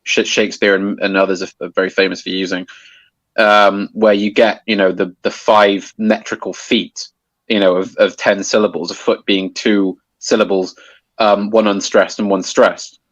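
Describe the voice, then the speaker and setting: A man's voice: fairly low pitch, little pitch movement, moderate pace, fairly bright tone, no echo, muffled recording. A man explaining a topic in casual conversation, hesitant with many restarts and fillers. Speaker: guest explaining poetry.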